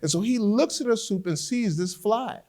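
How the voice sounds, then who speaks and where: Brief: male defense attorney giving a lecture with courtroom stories, higher-pitched, animated, stumbling restarts. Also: normal speed. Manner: animated storyteller who repeats words as he restarts. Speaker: criminal defense lawyer teaching trial skills.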